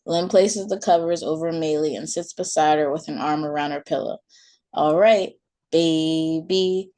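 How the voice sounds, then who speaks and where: A woman reads her own short story aloud, soft and calm. Her voice is on the low side for a woman, with an unhurried, gentle delivery. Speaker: author and storyteller.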